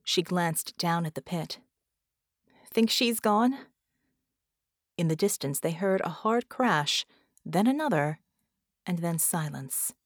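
A woman's voice: fairly low pitch, a little slow, no room sound. Woman narrating an audiobook, dry and close. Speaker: audiobook reader.

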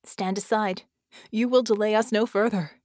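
A woman's voice: medium pitch, fairly even intonation, moderate pace, darkish tone, no echo, clean studio sound, natural voice. A woman voicing a cocky fused heroine. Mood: taunting. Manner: taunting, smug. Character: fused magical heroine, cocky, mocking, self-assured.

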